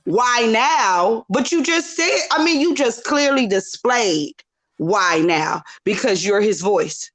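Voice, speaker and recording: A woman hosting a casual faith chat, animated and affirming, breaking in with call-and-response cheers, speaking. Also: fairly high pitch, slow pace. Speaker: podcast host.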